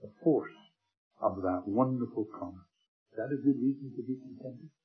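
An older man delivers a sermon, rising to forceful emphasis and then falling almost to a hush. His voice sits at an ordinary male pitch. The recording is narrow and tinny, like sound heard over a telephone line. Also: a little fast. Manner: dynamic, swings from loud emphasis to soft near-whisper. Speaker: preacher.

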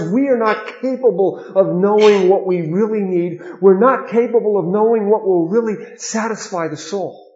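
A man preaching a sermon in a somewhat high voice, moving from hushed, intimate phrases to strong, emphatic ones. The sound is roomy and echoing, with a slightly dull, lo-fi quality. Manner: earnest, with sudden swings between hushed and emphatic.

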